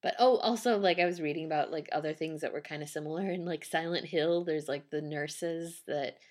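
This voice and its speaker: A woman's voice: low-pitched, brisk, a little mellow. Chatty woman telling a ghost story. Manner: chatty, laughs often, trails off with "like". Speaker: podcast co-host. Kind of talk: casual ghost-story chat.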